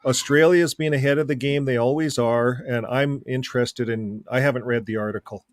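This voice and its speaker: A man's voice: medium pitch, fairly even intonation, brisk, no room sound, clean studio sound. A Canadian man co-hosting a casual online news chat, emphatic and fond of repeating phrases, with sarcastic asides. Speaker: co-host.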